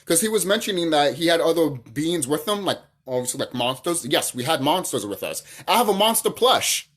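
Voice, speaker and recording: Brief: channel host, heated profane rant, pitch swings widely, husky edge. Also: big pitch swings, fairly quick. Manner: profane, heated, full of rhetorical questions; repeats phrases for emphasis. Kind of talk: casual ranting monologue.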